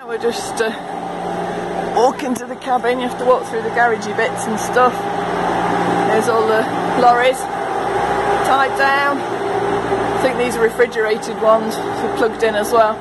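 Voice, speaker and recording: A woman, giving a chatty, animated walk-through of a ferry trip for her travel vlog. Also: on the high side, very noisy. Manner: chatty, animated, quick to laugh. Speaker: travel vlogger. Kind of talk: casual walk-through commentary. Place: ferry car deck and cabin.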